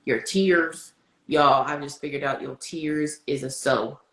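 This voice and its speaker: A woman speaking as a podcast guest, telling faith stories in animated casual chat. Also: slow pace. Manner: animated, storytelling, swings high when excited. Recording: echoey room.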